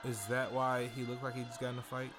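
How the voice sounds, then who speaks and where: A man's voice: mid-range voice, flat delivery, fast talker, over music. A man from Louisiana, co-hosting a podcast in casual, profane, incredulous chat. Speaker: podcast co-host.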